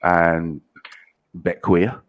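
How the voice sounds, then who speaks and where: Low-voiced indignant man, echoey room. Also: level tone, extremely slow. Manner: indignant, lecturing. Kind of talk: heated casual argument. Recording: echoey room with faint noise.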